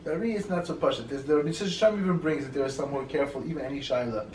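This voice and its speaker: A man teaching an informal Torah class, telling stories quickly and animatedly with lots of fillers. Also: a little high, over a noisy crowd. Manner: fast, animated storytelling with many fillers. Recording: echoey room, mic far off, faint noise.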